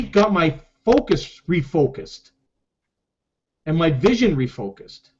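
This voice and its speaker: Emotional man telling his comeback story. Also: fairly high pitch. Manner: emotional, halting, repeats himself. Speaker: network marketer sharing his story. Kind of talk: personal testimonial vlog. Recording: dull lo-fi recording.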